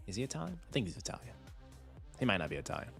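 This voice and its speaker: Animated young man chatting on stream. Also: fairly low pitch, rapid-fire, gravelly, soft background music. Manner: animated, chatty, talks to chat, laughs often. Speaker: finance livestreamer. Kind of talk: casual livestream chat.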